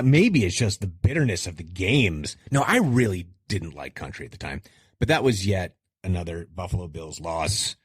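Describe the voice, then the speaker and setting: Middle-aged male podcast host, low husky voice, lively and self-mocking, dry close mic. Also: no echo. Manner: animated, self-deprecating, jumps in pitch for emphasis. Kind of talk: casual solo podcast talk.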